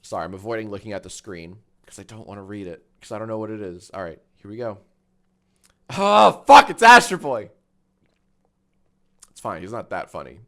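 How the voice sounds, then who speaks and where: A man in his thirties chatting casually on a live stream, swearing freely and breaking into high laughter. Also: quick pace, few pauses.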